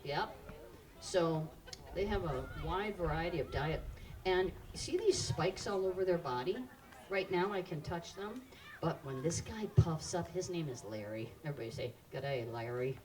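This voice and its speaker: A woman's voice: lowish voice, lively intonation, measured pace, darkish tone, distant mic. Upbeat woman running a kids' animal show. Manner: upbeat, quizzing the audience with questions. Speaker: animal show presenter for children. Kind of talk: live educational animal show for kids. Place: outdoor park show with children.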